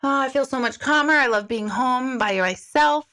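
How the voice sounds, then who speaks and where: A woman's voice: sits high, moderate pace, pushed and bright. A middle-aged woman, a life coach, talking candidly on a live stream, mocking herself and swearing freely. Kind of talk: casual live-stream monologue.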